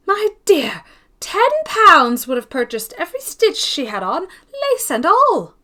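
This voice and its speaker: A woman's voice: high voice, sing-song, a little slow, pushed and bright, pitched above the performer's own voice, exaggerated voice. A woman voicing a bold, gossipy genteel spinster who speaks primly. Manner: bold, prim, slightly triumphant.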